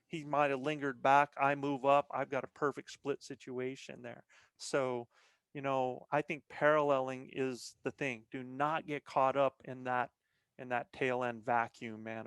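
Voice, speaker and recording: A man's voice: medium pitch, clean tone, no echo. A middle-aged man, a guest on a podcast, talking casually and plainly about hunting, often tossing in "man" and repeating words as he restarts. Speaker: guest, elk hunter.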